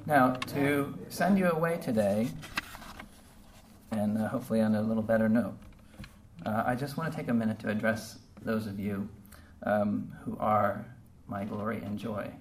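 A man preaching a heartfelt, conversational sermon to his congregation, pausing often with fillers. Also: fairly low pitch. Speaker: pastor. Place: church service. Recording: distant mic with faint background noise.

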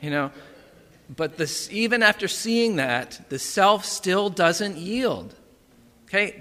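Male preacher, conversational sermon, bright tense tone, reverberant hall. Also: high-pitched, lively intonation, slow pace. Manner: conversational, frequent "right?" and "okay".

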